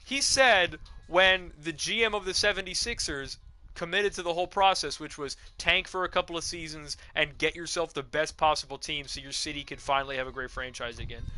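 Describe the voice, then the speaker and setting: A man's voice: on the high side, pushed and bright, low-quality recording. A young man streaming a video game, chatting casually in a profane, rambling, digressive rant. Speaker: gaming streamer.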